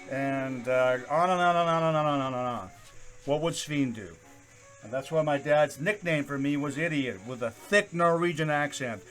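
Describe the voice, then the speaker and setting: A middle-aged man hosting his own video channel, talking in a casual, rambling way with plenty of "uh" fillers and a loud, projecting voice. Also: fairly high pitch. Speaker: YouTube channel host. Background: accordion folk music playing faintly.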